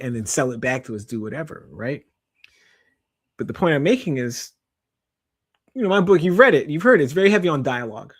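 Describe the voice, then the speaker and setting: Podcast guest: middle-aged man from Canada, emphatic and lively, fairly high voice, dry close sound. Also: no echo. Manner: animated, emphatic storytelling with laughs. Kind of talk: casual podcast conversation.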